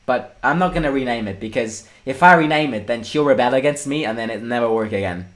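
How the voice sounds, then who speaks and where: A young man hosting a live football watchalong, excitable, breaking into shouts and swearing. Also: mid-range voice, fast talker. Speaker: fan channel host.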